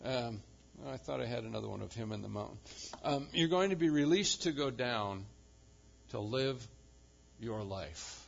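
A male pastor preaching a sermon with emphasis, swinging from loud proclamation to quiet intensity. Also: mid-range voice, fairly quick, vocal fry, dull audio.

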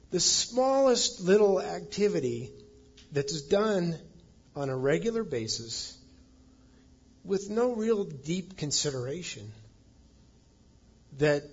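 Brief: male pastor, slow deliberate sermon delivery, husky tone, emphatic on key words, dull muffled recording. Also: on the high side. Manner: emphatic, reads scripture aloud.

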